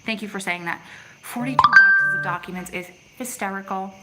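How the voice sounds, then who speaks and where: A woman's voice: medium pitch, fairly quick, over loud music, rough recording. A middle-aged woman hosting a casual livestream outdoors on her phone, chatty and reading out viewers' comments as she answers them. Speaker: vlog host reading live chat. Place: outdoors in the city at evening.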